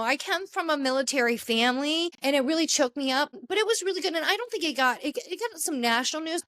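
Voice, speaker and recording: Woman podcast host, choked-up and halting, slightly high voice. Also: fairly bright tone. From Washington, D.C. area. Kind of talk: casual podcast commentary.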